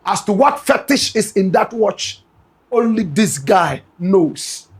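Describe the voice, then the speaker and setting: A man's voice: high-pitched, animated, takes it slowly, slightly rough. A man with a Ghanaian accent giving dramatic gossip news commentary, emphatic and speaking straight to his listeners. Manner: emphatic, repeatedly addresses listeners as "my brother, my sister".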